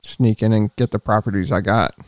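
A man's voice: on the low side, steady tone, fairly quick, dry recording, clean studio sound. A man co-hosting a podcast, chatting casually and teasing his co-hosts. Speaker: podcast co-host. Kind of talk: casual chat.

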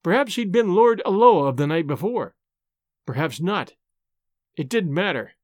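Expressive male storyteller, lively pitch. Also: moderate pace, no echo. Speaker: audiobook narrator and host. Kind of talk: dramatic audiobook narration.

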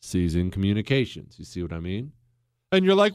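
A man's voice: deep voice, sing-song, a little fast, darkish tone, smooth, no room sound, clean studio sound. A man hosting a podcast, telling history in a casual, jokey way and acting out quotes in silly voices. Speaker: podcast host.

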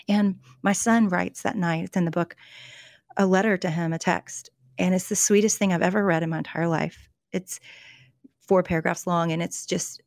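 Middle-aged woman, guest author, earnest storyteller, lowish gravelly voice, dry close sound. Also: fairly even intonation, a little mellow, no echo. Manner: earnest, storytelling, halting restarts. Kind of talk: conversational interview about faith and emotions.

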